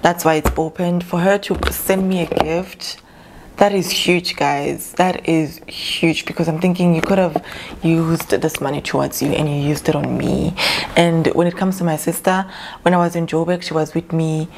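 A woman's voice: on the low side, slight background noise. A young South African woman chatting casually in an unboxing vlog, gushing and emotional with gratitude. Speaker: vlogger.

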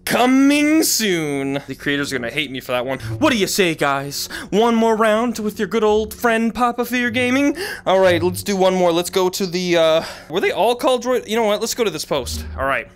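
A young man giving excitable, playful commentary while playing a virtual reality game. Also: sits high, brisk. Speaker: gaming YouTuber. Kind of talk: VR gameplay commentary.

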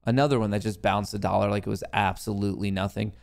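A young man hosting a live trading stream speaks fast in a fairly low, darkish voice with fairly even intonation and vocal fry. As a day trader, he casually mutters and swears at the market, talking to himself and his viewers.

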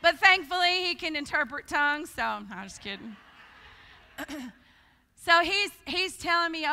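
A woman preaching at a conference, telling her story in a lively way and acting out the voices of the people in it. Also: high-pitched, moderate pace, clear, resonant tone. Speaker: guest speaker. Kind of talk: conference sermon with testimony. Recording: long hall reverb.

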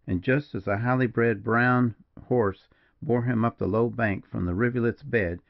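A man narrating an old western novel as an audiobook, in a measured storytelling manner. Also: mid-range voice, fairly even intonation, gravelly, dry recording. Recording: dull lo-fi dry recording.

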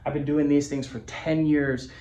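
A man's voice: a little high, little pitch movement, moderate pace, dark tone, highs cut off. A man giving a punchy, emphatic motivational talk to camera as a business coach, repeating phrases and swearing casually. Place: indoor office with a whiteboard. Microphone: camera mic.

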